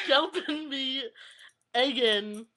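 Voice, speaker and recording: Young woman, webcam vlog, reads aloud slowly, giggly, bright voice. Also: high-pitched, lively intonation. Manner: giggly, keeps breaking into laughter while reading. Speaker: vlogger. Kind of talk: casual vlog, reading aloud.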